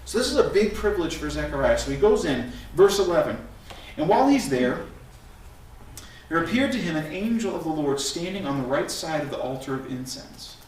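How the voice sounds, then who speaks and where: A middle-aged man preaching a sermon as pastor, telling stories in an animated way and acting out the scenes. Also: fairly high pitch, a little fast. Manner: animated storytelling, acts out scenes. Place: church sanctuary. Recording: echoey room from a distant mic, faint noise.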